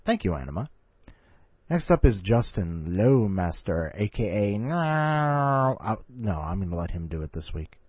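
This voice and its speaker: A man's voice: low-pitched, animated, normal speed, dark tone, slightly rough, no echo, highs cut off. A man hosting a show, chatting casually and joking about himself between segments. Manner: chatty and self-mocking, breaks into laughter. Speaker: podcast host.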